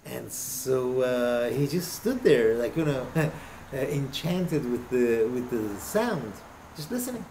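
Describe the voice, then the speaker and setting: A man, a rabbi, telling a story in a class in a lively way with lots of casual fillers. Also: medium pitch, slow, slight background noise. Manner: lively, with many fillers like "you know". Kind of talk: storytelling in a lesson.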